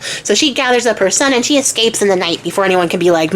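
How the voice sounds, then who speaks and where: A woman's voice: mid-range voice, animated, brisk, few pauses, slight background noise. A young woman retelling a myth in a casual, slangy way, swearing and acting out the characters' lines. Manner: slangy, chatty, swears, acts out voices. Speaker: storyteller.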